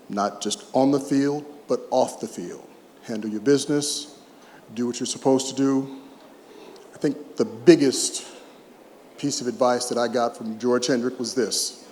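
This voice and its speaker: A man around sixty speaks at a podium in a large hall, his mid-pitched voice carrying a long reverb tail over a faint murmur of ambience. He mixes heartfelt, emotional moments with humorous stories. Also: fairly even intonation, unhurried, pauses often, a little mellow, a little hiss or hum. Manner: emotional, humorous storyteller who chokes up at times. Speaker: retired baseball player giving an awards speech. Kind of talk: heartfelt public speech with anecdotes.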